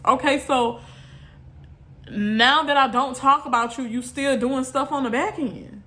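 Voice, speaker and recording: A woman's voice: high voice, unhurried, bright, forceful tone. A woman vlogger, venting bluntly and repeating herself in an exasperated rant to her viewers.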